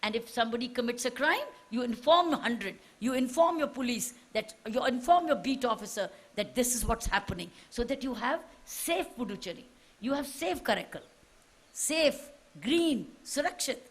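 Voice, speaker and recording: A high-voiced woman with an Indian English accent delivers a public speech to students. She exhorts them, repeating points and firing rhetorical questions back at her listeners. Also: animated, normal speed. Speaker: official addressing students.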